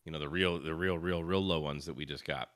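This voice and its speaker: A man's voice: a bass voice, fairly even intonation, a little fast, fairly bright tone, no echo, studio quality. A man co-hosting a casual livestream, giving blunt, offhand opinions. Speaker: co-host.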